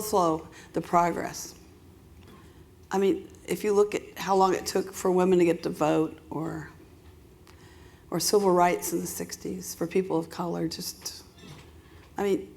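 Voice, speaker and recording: Older woman, on-stage interview guest, mid-pitched voice, playful at first and then earnest. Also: darkish tone, slight background noise. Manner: teasing, then reflective and earnest. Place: stage at an awards event.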